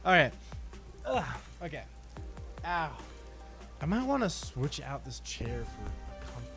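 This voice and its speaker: A man's voice: on the high side, very animated, a little slow, over music. A man streaming a game live, talking to himself and his chat with exasperated swearing and melodramatic pleading. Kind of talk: live gameplay commentary. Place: home desk setup.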